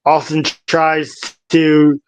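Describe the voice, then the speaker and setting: Slow-talking man recapping wrestling. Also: on the high side, monotone, a little mellow, lo-fi sound, slight background noise. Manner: slow, halting recap with restarts. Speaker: podcast co-host.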